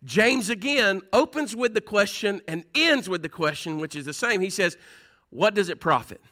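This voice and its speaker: A Southern pastor preaching in a folksy, conversational way, drawing his congregation in with questions and "Amen?". His voice sits high for a man and sounds bright and ringing. He moves between loud, lifted passages and quieter ones. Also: lively intonation, normal speed. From Southern United States. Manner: folksy, call-and-response preaching with laughs and "Amen?". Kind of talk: sermon.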